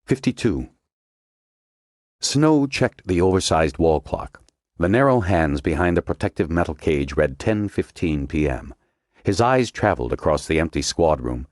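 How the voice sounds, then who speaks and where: A man reading a thriller audiobook in a measured, dramatic storytelling manner. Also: a bass voice, a little mellow, no echo, studio quality. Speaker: audiobook narrator. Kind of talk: scripted narration.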